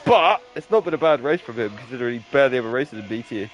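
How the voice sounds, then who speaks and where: A man's voice: medium pitch, animated, very fast, slight background noise. A man commentating a sim racing league stream in a chatty, joking way. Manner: chatty, laughing, banter. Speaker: race commentator.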